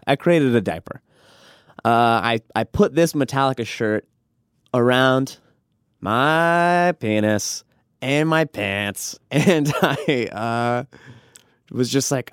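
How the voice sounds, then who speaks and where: A man's voice: mid-range voice, clean tone, no room sound, clean studio sound. Profane, laughing man telling a story. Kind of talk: casual comedic storytelling.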